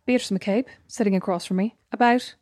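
A woman's voice: mid-range voice, darkish tone, no room sound, clean studio sound. A young woman co-hosting a podcast, chatting casually and teasing her sister. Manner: quick, teasing, laughs often. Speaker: podcast co-host. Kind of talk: casual chat.

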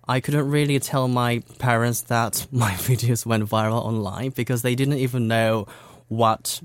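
A man's voice: medium pitch, steady tone, a little slow, dry recording. A young man from South Korea whose first language is Korean, chatting as an interview guest with lots of fillers and frequent laughter. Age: young adult. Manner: chatty, laughs often, many fillers like "like" and "you know". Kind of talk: casual interview chat.

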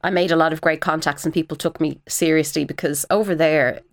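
A woman's voice: low voice, a little fast. An Irish woman, an actor and former TV presenter, chatting animatedly as an interview guest. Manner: animated and chatty, with frequent fillers. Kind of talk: casual interview chat.

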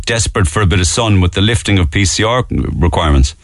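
A man from Cork hosting a radio talk show, asking brisk questions and laughing easily. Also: low voice, lively intonation, no echo, studio quality. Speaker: radio host. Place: radio studio.

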